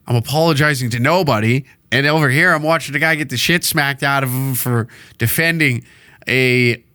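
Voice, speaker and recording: A man rants on his own podcast with a rambling, profane, joking delivery. His voice sits a bit high for a man and has a bright, tense edge. The sound is dry and close, with no room in it. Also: dry recording. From Canada. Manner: profane, rambling, jokey and blunt. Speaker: podcast host. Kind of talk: solo podcast rant. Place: alone in a small recording room.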